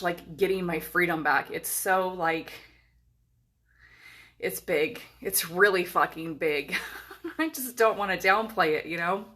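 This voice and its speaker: Chatty, excitable woman vlogging from a hotel. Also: mid-range voice. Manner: excitable, swears freely, lots of fillers. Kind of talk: casual live-stream chat. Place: hotel room.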